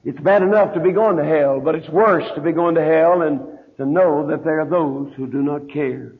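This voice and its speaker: Man preaching on gravelly lo-fi tape. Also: fairly high pitch. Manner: preaching, slows and drops to a heavy hush on key words. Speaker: pastor. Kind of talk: sermon. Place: church. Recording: tinny lo-fi archive tape.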